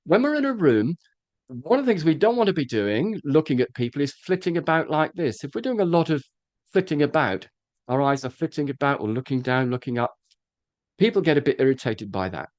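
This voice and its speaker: A man coaching a room of presenters, his voice rising and falling in a lively, demonstrative way. He talks with frequent ums and restarts. His pitch sits a touch high for a man. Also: a little fast, no room sound, highs cut off. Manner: animated, demonstrative, with frequent fillers. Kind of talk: live workshop talk.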